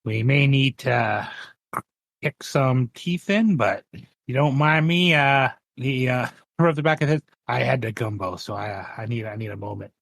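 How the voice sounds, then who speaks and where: A man's voice: medium pitch, normal speed, vocal fry, a bit bright, no room sound. A man voicing a bitter, down-on-his-luck young man, half gooey creature, who rambles in a wry, self-mocking way.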